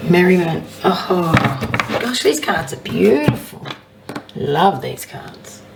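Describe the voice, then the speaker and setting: A woman with a husky voice, a psychic medium giving a casual oracle card reading and reading affirmations aloud. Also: on the low side, very animated, slow, far from the mic, heavy background noise. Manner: chatty, warm-hearted encouragement, reads affirmations aloud.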